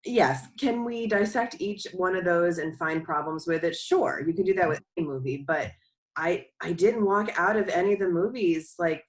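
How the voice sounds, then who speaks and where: A woman co-hosts a casual podcast chat, pushing her views emphatically. Her voice sits a little low for a woman. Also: normal speed, low-quality recording. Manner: emphatic, opinionated. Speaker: podcast co-host.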